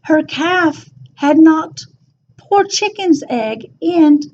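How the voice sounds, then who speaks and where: A woman reading a rhyming children's picture book aloud in an expressive, sing-song storytelling voice. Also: high-pitched, drawn-out words, dull audio, a little hiss or hum.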